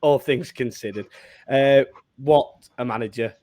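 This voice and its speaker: A man's voice: mid-range voice, unhurried, warm tone. A man hosting a football podcast in a chatty, casual way, laughing between phrases. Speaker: podcast host.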